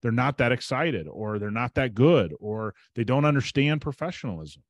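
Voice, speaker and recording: A man hosts a podcast, spinning a long anecdote in casual, emphatic talk. His voice sits at an ordinary middle pitch. The sound is close and dry, with no room around it. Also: lively intonation, normal speed, dry recording, muffled recording. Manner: chatty, emphatic, retells conversations with quoted dialogue. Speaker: podcast host. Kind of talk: casual storytelling monologue.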